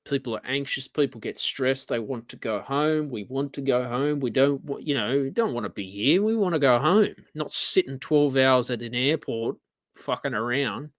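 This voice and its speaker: A man's voice: mid-range voice, normal speed, dry recording. An Australian man hosting a live-streamed radio-style show, ranting in an exasperated, profane way. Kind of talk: live-streamed solo rant.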